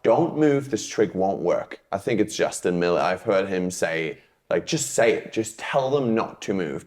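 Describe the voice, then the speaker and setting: A man's voice: on the low side, a little mellow. Rambling man chatting about magic. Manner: rambling, fills with "yeah, yeah". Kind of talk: casual chat.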